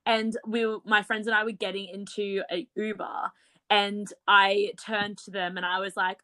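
A young woman with an Australian accent softened by a British twang, co-hosting a podcast in giggly, casual chat full of "like". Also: mid-range voice, flat delivery, moderate pace. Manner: chatty, giggly, lots of "like". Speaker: podcast co-host.

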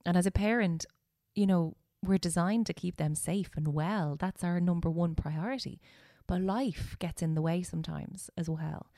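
A woman's voice: lowish voice, moderate pace, hardly any pauses, warm tone, no room sound, studio quality. A woman hosting an interview, reflective and encouraging in casual chat. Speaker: podcast host.

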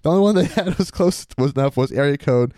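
A man's voice: a little high, quick pace, dark tone, dry recording, studio quality. A man hosting a podcast, reading a listener's story aloud in a swaggering, crude bro persona. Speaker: podcast host.

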